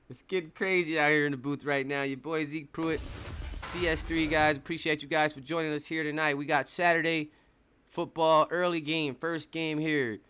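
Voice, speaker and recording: Excitable young man calling a game stream. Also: fairly high pitch, normal speed, slight background noise. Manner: excitable, laughing, shouts at big plays. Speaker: commentator for a simulated football game. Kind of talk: casual live stream commentary.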